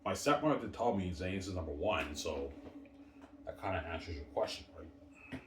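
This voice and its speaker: Deep-voiced boastful man in a roomy room. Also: animated, moderate pace, noisy background. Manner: boastful and repetitive, keeps calling to viewers. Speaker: livestream host. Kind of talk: casual solo livestream chat. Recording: roomy, distant mic.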